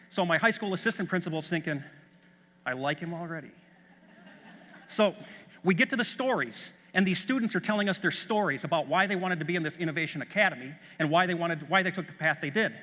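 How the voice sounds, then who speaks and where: A middle-aged man from Chicago gives an eager, anecdote-filled keynote at a conference. His voice sits high for a man and comes across sharp and forceful. A long hall reverb trails behind every phrase. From Chicago, USA. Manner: enthusiastic anecdotal storytelling. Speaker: school superintendent.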